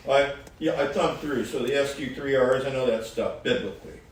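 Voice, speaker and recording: Casual storytelling man, mid pitch, rambling and animated, heard distant in a very echoey room with faint noise. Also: moderate pace. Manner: rambling, animated, swings between loud and soft. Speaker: guitar player giving advice.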